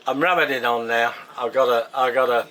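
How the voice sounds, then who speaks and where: A man's voice: mid-range voice, steady tone, moderate pace, pushed and bright. A man from England with an English accent, chatting casually to camera in a home kitchen, rambling and repeating himself as he talks. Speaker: home cooking vlogger.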